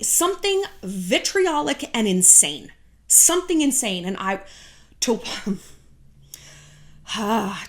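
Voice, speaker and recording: A woman's voice: fairly high pitch, big pitch swings, takes it slowly, pauses often. A woman in her thirties giving blunt, sarcastic dating advice to camera, swearing freely and slipping into mock voices. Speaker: YouTube dating advice host. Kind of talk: casual advice monologue to camera.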